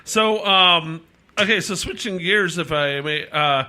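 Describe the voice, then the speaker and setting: Bright-voiced man hosting a chat. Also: sits high, unhurried. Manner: hesitant, many fillers when asking. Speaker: podcast host. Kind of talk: casual interview.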